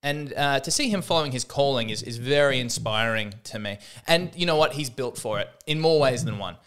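A man's voice: mid-range voice, animated, fairly quick, a bit bright, clean tone. A man hosting a podcast, delivering a rambling, self-deprecating comedic monologue with frequent restarts. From Australia. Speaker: podcast host.

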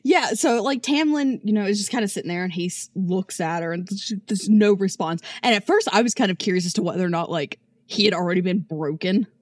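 A woman around thirty co-hosting a casual book podcast, rambling with halting restarts. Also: mid-range voice, dry recording. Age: about 30. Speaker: podcast co-host. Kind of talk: casual book-club chat.

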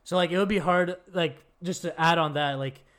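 A man co-hosting a casual podcast, retelling scenes in a profane, animated way. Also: on the high side, normal speed. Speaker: podcast co-host.

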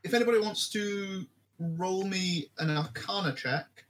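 A man with a slightly raised voice narrates a tabletop adventure as game master. He pauses often with ums and restarts his sentences as he describes the scene. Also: sits high, a bit bright.

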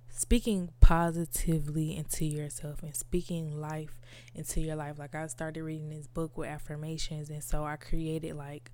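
Her voice low and warm, with a flat delivery at a moderate pace, a woman podcaster talks candidly about her inner world. The monologue is casual and reflective, tearful at moments, and peppered with "like" and "you know".

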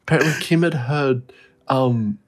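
A man's voice: medium pitch, measured pace. Brief: male podcast co-host, rambling storyteller, swears freely, laughs mid-sentence. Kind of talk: casual storytelling chat.

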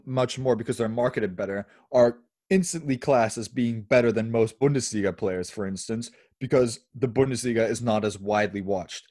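A man's voice: medium pitch, a little mellow, dry recording, clean studio sound. A man co-hosting a football podcast, chatting casually with frequent laughs and hedging asides. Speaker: podcast co-host.

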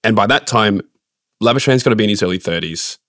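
Man, podcast co-host, opinionated ranter, lowish voice, dry close sound. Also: quick pace, a bit bright, dry recording. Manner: opinionated, ranting. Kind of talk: casual cricket podcast chat.

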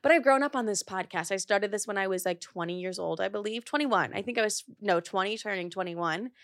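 A woman's voice: mid-range voice, fairly quick, fairly bright tone, dry recording. Chatty young woman podcast host, dry sound. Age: 20s. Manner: chatty, candid, swears casually. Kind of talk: casual chat. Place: podcast studio.

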